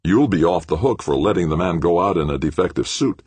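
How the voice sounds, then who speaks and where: Angry male executive voiced by a man, snapping, insistent, raised pitch, loud. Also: animated, brisk, slightly rough, no echo. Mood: demanding.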